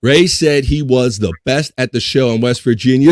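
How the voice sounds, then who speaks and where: A man's voice: mid-range voice, normal speed, few pauses, a little mellow. A man hosting a casual livestream podcast, reading chat and ranting with heavy swearing and frequent laughter. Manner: profane, ranting, laughing while venting.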